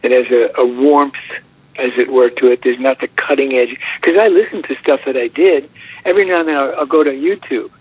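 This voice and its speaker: Older male guest on a phone call, husky and soft, chatty storyteller, muffled line. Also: mid-range voice, fairly quick, no echo. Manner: chatty, rambling anecdotes with restarts. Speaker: voice actor guest. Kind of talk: casual interview storytelling. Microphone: telephone.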